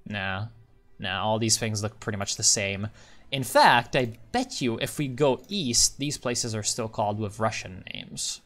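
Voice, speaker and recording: A man's voice: fairly low pitch, unhurried, fairly bright tone, soft background music. A man rambling casually through a game commentary as a channel host, muttering to himself and swearing when things go wrong.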